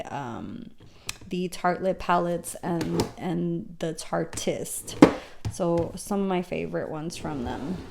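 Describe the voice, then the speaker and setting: A woman with a lowish, gravelly, mellow voice vlogs casually from a home room with storage drawers, against slight background noise. A beauty vlogger, she shows off her collection item by item, with plenty of ums and uhs.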